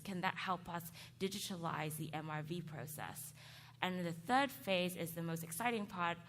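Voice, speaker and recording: Woman on a conference panel, lowish voice, explains w/ fillers, long hall echo, faint hiss. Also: a bit bright.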